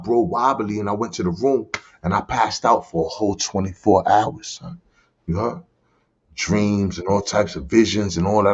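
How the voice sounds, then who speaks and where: A man's voice: on the low side, husky. A man from the Bronx, a podcast guest telling his life story in streetwise slang and often asking "you heard?". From the Bronx, New York. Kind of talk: personal testimony in casual conversation. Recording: dull lo-fi recording.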